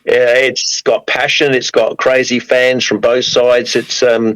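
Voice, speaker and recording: A man's voice: medium pitch, little pitch movement, measured pace, a bit bright, rough recording. A man speaking as a guest on a football panel, blunt and indignant. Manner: blunt, indignant, mildly swearing.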